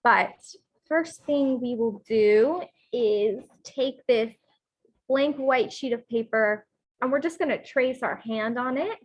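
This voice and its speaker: Slow-paced woman reading to kids. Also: on the high side, dull audio. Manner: gentle, instructive, with fillers. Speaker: children's program presenter. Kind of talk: storybook reading and craft tutorial for kids.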